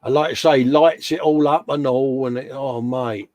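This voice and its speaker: A middle-aged English man chatting on a live stream, all jokes and friendly slang, calling his co-host mate. The sound is close and dry, with no room at all. His pitch sits in an ordinary middle range. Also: steady tone, normal speed, darkish tone, dry recording. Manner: chatty and jokey, calls everyone mate. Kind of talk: casual chat on a live stream.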